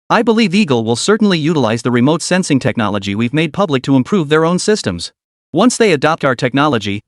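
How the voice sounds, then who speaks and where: A man voicing a calm male scientist who explains a clever scheme in a measured way. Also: fairly high pitch, dry recording, studio quality.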